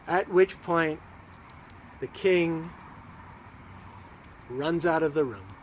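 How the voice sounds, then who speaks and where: Animated, unhurried male rabbi storyteller. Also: a little high, slight background noise. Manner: dramatic, drops to near whispers and swells. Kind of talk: storytelling to a congregation online.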